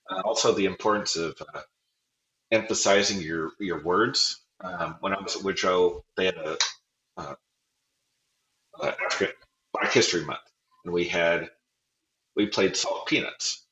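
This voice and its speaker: A man's voice: sits low, fairly even intonation, moderate pace, pauses often, fairly bright tone, echoey room, low-quality recording. A man, a former band director, telling self-deprecating stories in a casual interview and acting out quotes with a laugh.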